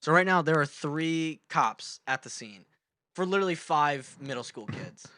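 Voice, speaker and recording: Animated young man telling a story. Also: a little high, normal speed, no room sound. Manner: animated storyteller, acts out loud quoted shouts. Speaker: podcast co-host. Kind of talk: casual storytelling chat.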